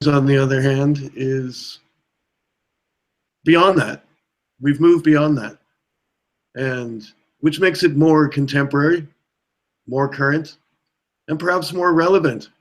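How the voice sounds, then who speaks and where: Deadpan male panelist, slow, halting, dry humor. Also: fairly high pitch. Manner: deadpan, halting, many fillers. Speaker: provost of a mock college. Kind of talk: mock press conference.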